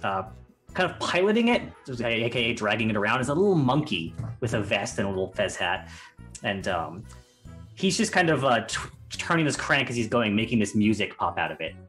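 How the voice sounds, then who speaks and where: Lively, rambling male game master. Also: fairly low pitch, a little fast, faint music behind. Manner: animated, rambling, laughing often. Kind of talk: narrating a tabletop game.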